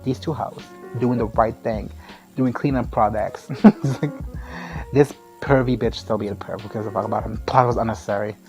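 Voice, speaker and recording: A man's voice: medium pitch, steady tone, normal speed, a little mellow, soft background music. A man giving a casual, foul-mouthed movie recap, sarcastic and often laughing. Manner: crude, sarcastic, laughs often, mimics characters.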